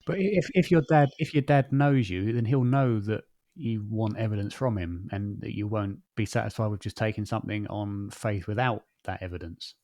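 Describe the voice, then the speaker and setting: A man's voice: lowish voice, normal speed, hardly any pauses, a little mellow, no echo, clean studio sound. A man hosting a podcast, talking casually and reasoning aloud, with frequent restarts. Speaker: podcast host. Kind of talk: casual conversation.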